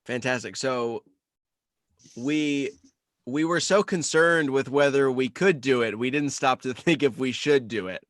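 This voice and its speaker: A man's voice: mid-range voice, measured pace, a bit bright, no echo, clean studio sound. A man hosting an online table read, jokey and upbeat, talking over a video call. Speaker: host of an online script reading. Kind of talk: casual chat before a table read.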